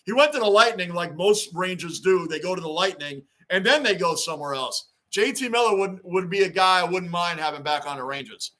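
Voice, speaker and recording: A man hosting a live sports reaction stream, rambling excitedly and reading fan chat aloud. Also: high-pitched, brisk, hardly any pauses. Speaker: livestream host.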